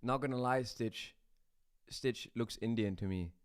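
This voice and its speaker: A man's voice: medium pitch, measured pace, clear, resonant tone, no echo, clean studio sound. A man streaming live as a beatboxer, chatting casually with his viewers, laughing often and repeating words as he rambles. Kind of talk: casual livestream chat answering comments.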